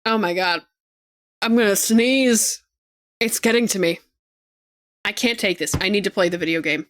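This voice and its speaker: A young adult woman streamer in casual live-stream chat, excitable and gushing, laughing often and swearing freely at a desk microphone. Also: medium pitch, moderate pace.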